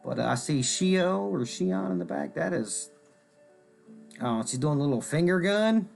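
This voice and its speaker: Brief: male stream host, gravelly fry in his voice, jokey rambling delivery, faint music underneath. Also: on the high side, lively intonation, a little slow, a little mellow. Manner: joking, rambling, greets viewers by name. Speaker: host of a card-selling stream. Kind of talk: casual rambling chat while showing cards.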